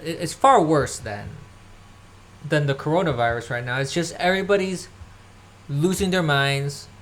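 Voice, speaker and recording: A podcast host speaks at normal speed in a mid-range voice, with slight background noise, giving a solo political commentary. They rant and scoff, mock others by imitating them, and cough now and then while tidying at home.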